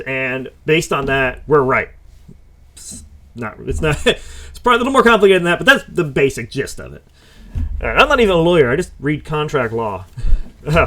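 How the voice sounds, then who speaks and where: A man with a slightly higher voice reads legal documents aloud for his commentary channel. He keeps stopping to react in a casual, heated way and laughs now and then. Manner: informal, stops to react and laugh, gets heated. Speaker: commentary host. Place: home or office.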